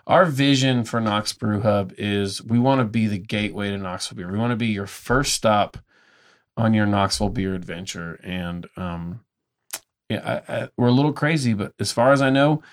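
A man's voice: fairly low pitch, normal speed. Enthusiastic man telling a story. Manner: enthusiastic storyteller, acts out dialogue. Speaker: brewery tour business owner. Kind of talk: casual podcast conversation.

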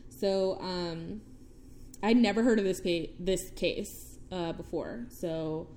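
A woman's voice: lowish voice, slow pace, dark tone, slight background noise. A young woman co-hosting a casual podcast, chatty, laughing often and filling her sentences with ums and likes. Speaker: podcast co-host, case presenter.

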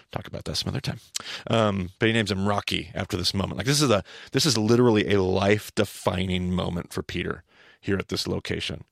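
A man hosting a podcast, teaching scripture in a casual, animated back-and-forth with his co-host. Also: deep voice, gravelly, husky, no echo, clean studio sound. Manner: animated, thinks aloud, asks his co-host questions.

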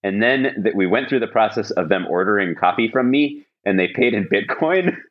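A man's voice: on the low side, lively intonation, normal speed, highs cut off. A man hosting a podcast, telling a long anecdote in casual chat, rambling with many fillers and restarts. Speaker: podcast host.

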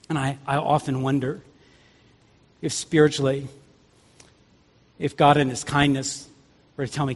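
A man's voice: a little high, flat delivery, normal speed, long pauses, fairly bright tone. A man preaching a conversational sermon as a pastor, acting out the voices he quotes. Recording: long reverb of a large hall.

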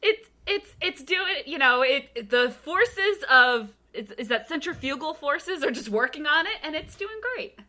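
A woman's voice: high voice, expressive, unhurried, hardly any pauses, pushed and bright. A woman in a casual movie discussion, enthusiastic and gushing.

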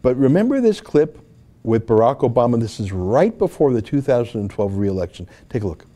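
A man's voice: mid-range voice, very animated, a little fast, dark tone. A man from Alberta, hosting political commentary in an emphatic, argumentative way with frequent fillers and restarts. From Alberta, Canada. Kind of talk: opinionated commentary.

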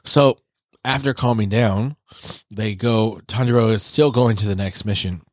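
A man's voice: fairly low pitch, a little slow, no echo. Man retelling anime scenes, dry sound. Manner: retells scenes with quoted character lines. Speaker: anime review podcast co-host. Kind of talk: casual chat.

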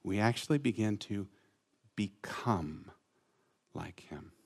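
A man preaching a sermon to a congregation, talking with them and asking for shows of hands. He swings between loud emphasis and hushed, near-whispered lines. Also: lowish voice, animated, takes it slowly, slightly rough. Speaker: pastor. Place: church sanctuary with congregation.

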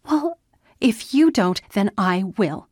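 A woman voicing a defiant sixteen-year-old girl in an audiobook, pitched up and insistent. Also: animated, slow, husky, no echo, studio quality. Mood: urgent. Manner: pleading then indignant.

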